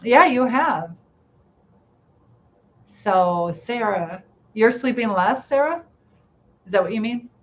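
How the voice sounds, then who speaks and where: Middle-aged woman hosting a casual live stream; soft, reassuring and inquisitive; slightly muffled lo-fi recording. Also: fairly high pitch, expressive, takes it slowly, long pauses. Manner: gentle, reassuring, asks many questions. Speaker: live chat host. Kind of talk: casual live-stream chat reading comments. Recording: slightly dull lo-fi sound, faint room noise.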